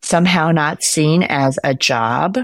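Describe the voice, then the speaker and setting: Emphatic woman with a low voice. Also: takes it slowly, no room sound, clean studio sound. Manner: emphatic, opinionated, building points by repetition. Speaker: podcast guest. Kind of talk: casual conversation.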